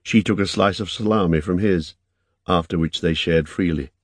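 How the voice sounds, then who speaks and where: Deep-voiced man narrating an audiobook. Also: normal speed, breathy edge, dry recording, clean studio sound.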